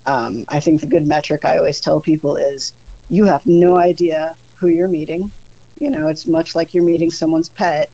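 Podcast guest, mid pitch, explaining at length, thinking aloud, casual chat, dull lo-fi sound. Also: steady tone, normal speed, creaky, mellow.

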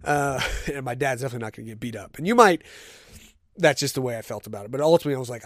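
A man hosts his podcast alone and tells a story in a loose, conversational way. He gets animated and indignant as he acts out what each person said. His voice sits in a middling register and is recorded close and dry, with no room sound. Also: mid-range voice, very fast, no echo. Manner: animated, indignant retelling with quoted dialogue. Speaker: podcast host. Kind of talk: casual storytelling monologue.

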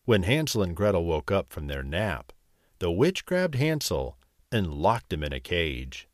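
Slow, expressive low-voiced male storyteller. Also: dry recording, clean studio sound. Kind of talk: bedtime story narration.

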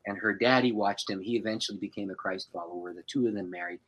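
A man's voice: lowish voice, fast talker, low-quality recording. A man, a pastor and author, tells a personal story as a podcast guest, breaking into laughter as he goes. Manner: lively, laughs through his story.

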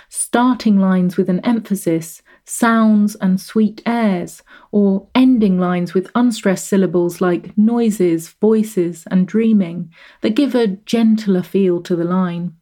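A woman narrating a scripted literature lesson in a measured, explanatory manner, slowing to read verse rhythms. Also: mid-range voice, dark tone.

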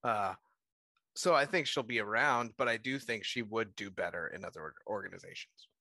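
A man's voice: on the low side, a little fast, creaky, sharp tone, no echo. A man co-hosting a casual sports podcast, laid-back and teasing, laughing easily. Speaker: podcast co-host.

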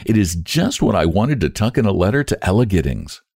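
A man's voice: fairly low pitch, very animated, brisk, darkish tone, slightly rough, no echo, clean studio sound, full character voice. A man reading aloud and voicing a kindly, sentimental older woman in a raised, lilting voice.

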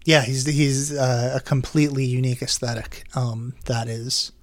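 A man's voice: mid-range voice, flat delivery, moderate pace, no echo. A man co-hosting a podcast in casual chat, rambling with frequent restarts and the odd swear word. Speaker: podcast co-host.

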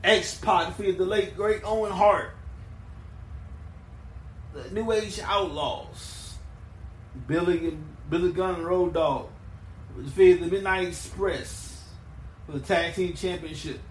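A man with a high, bright voice talks through wrestling history on his own podcast. He rambles, stumbles and restarts, then bursts into loud emphatic questions. The sound is roomy and echoey. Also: steady tone, slow, long pauses, a little hiss or hum. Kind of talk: solo podcast recap and show plugs.

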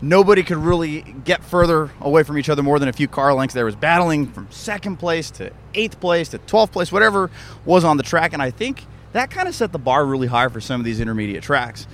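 A man's voice: a little high, sing-song, a little fast, a little hiss or hum. A young man talking as a podcast guest outdoors, eager and stumbling into restarts as he goes. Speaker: podcast guest, racing reporter. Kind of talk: casual chat. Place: outdoors at a racetrack.

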